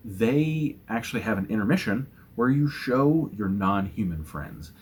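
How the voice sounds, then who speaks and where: A man talking casually and earnestly about books in a home vlog, gentle, with fillers and restarts. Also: lowish voice, expressive, measured pace, a little hiss or hum. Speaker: booktuber. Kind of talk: casual book tag vlog.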